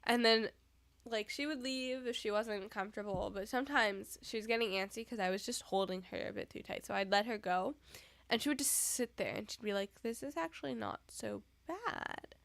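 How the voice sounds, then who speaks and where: Talking fairly quickly in a medium-pitched, fairly bright voice, a young streamer chats casually with viewers from her home. The recording is dry, and she's sleepy, yawning and giggling often.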